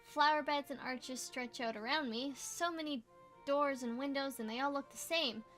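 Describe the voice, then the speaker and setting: A young woman reading a game's story aloud in a casual let's play, dropping playful asides. Her voice sits high. Faint background music plays. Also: fairly bright tone. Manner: playful, quick asides and exclamations. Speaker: gamer reading a visual novel aloud.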